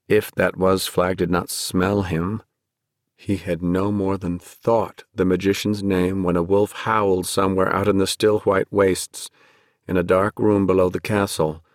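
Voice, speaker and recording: A man narrating a fantasy novel at a measured, steady pace. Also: low voice, dry recording, studio quality. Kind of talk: audiobook narration.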